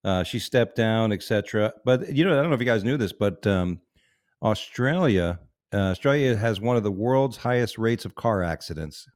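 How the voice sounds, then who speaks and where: A man's voice: fairly low pitch, expressive, moderate pace, a little mellow, no room sound, clean studio sound. A married man co-hosting a podcast, reading news stories in a loose, profane, joking way. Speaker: podcast co-host. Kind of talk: casual crude news chat.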